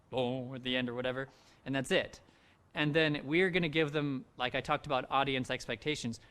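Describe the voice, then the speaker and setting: A man leading a handbell rehearsal, coaching players through measures and singing the rhythms on nonsense syllables in a relaxed, encouraging way. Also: mid-range voice. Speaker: handbell director. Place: home, recorded for a virtual event.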